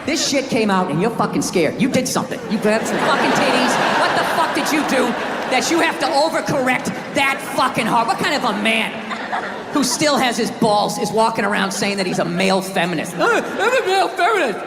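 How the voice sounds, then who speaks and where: A man doing a stand-up comedy set, ranting loudly and profanely, often shouting, on a large outdoor amphitheater stage with a handheld mic. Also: extremely high pitch, expressive, a little fast, very noisy. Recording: echoey live venue with roaring crowd. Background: audience laughing and cheering.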